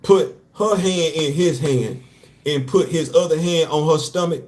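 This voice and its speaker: A man's voice: on the high side, expressive, moderate pace, a little mellow. A man hosting a casual comic-book commentary show, talking animatedly in slang, repeating his points and laughing often. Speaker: host.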